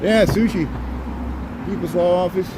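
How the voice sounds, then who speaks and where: Middle-aged male vlogger, slightly high voice, rambling street-walk commentary, loud traffic behind. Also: fairly even intonation, measured pace. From Indiana. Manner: rambling, chatty, greets passersby. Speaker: walking livestream vlogger. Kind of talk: casual running commentary while walking. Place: city street outdoors at dusk. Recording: outdoor street noise and traffic.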